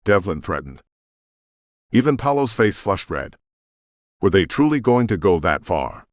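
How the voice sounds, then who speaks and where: A man narrating an audiobook in an expressive storytelling manner, in a studio booth. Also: sits low, a little slow, dry recording. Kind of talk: scripted narration.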